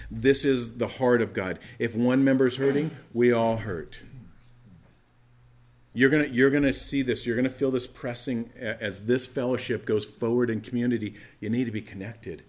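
A man preaches as pastor at a moderate pace, his medium-pitched voice fairly even in intonation. He's earnest and conversational, trips over restarts and moves from loud emphasis to quiet asides.

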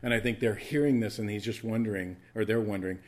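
A man's voice: fairly low pitch, steady tone, fast talker. A man preaching a sermon, teaching with emphatic repetition and conversational asides to his congregation. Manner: emphatic teaching, repeats key words for stress, asks listeners to take notes. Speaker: pastor.

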